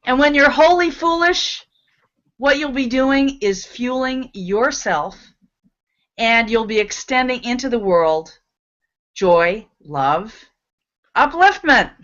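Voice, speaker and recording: A woman's voice: on the high side, animated, takes it slowly, a bit bright. A woman hosting a live talk show, upbeat and coaxing as she leads the audience in laughter exercises. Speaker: host leading laughter exercises. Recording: dull lo-fi audio.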